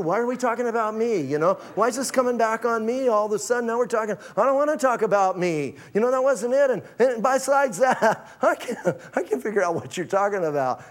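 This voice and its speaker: A pastor preaching a sermon in a casual, conversational way, acting out the people in his stories with slang. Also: high voice. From Arizona.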